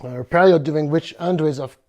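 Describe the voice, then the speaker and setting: French guy hosting his bonsai vid, kinda high voice, stops and starts a lot. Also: a little mellow. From France. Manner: playful, halting with many fillers. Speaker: bonsai video host. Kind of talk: casual presentation.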